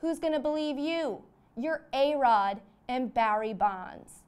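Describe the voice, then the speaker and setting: A woman's voice: sits high, lively intonation, slow, clean tone. A woman voicing a smug, corrupt male cop who taunts and sneers in a comedy bit. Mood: smug taunting.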